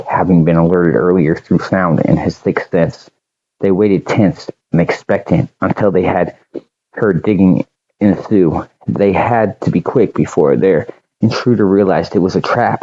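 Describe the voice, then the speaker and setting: Male storyteller, reading a story aloud, low voice, mellow dark tone, dull lo-fi recording. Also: slightly rough.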